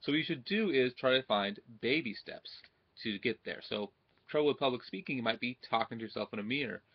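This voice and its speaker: A man's voice: medium pitch, animated, a little fast, slightly rough, lo-fi sound. A young man giving social confidence advice to his computer camera in a casual monologue, checking in with "right?" all the time. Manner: repeats "right?" often, acts out quoted greetings. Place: at home in front of his computer. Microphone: computer webcam mic.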